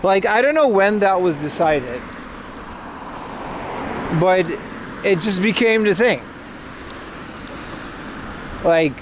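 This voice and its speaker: A man's voice: high-pitched, big pitch swings, slow, long pauses, a little hiss or hum. A man in his thirties from Boston, chatting loosely with his livestream viewers in a rambling, jokey way. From Boston, USA. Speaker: IRL livestreamer. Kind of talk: casual chat with stream viewers. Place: outdoors in Japan.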